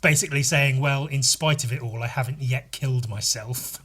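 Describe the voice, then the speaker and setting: A husky-voiced young man riffing on a film for his podcast. His talk is loose and animated, with plenty of swearing and quick put-on quotes of the characters. He sits at a medium pitch with a slightly breathy edge. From United Kingdom. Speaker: podcast host. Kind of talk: casual film-analysis monologue.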